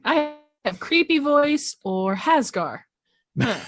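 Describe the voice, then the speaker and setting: A woman's voice: sits high, sing-song, slow. A woman playing a tabletop game, talking urgently in character and laughing often. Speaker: player.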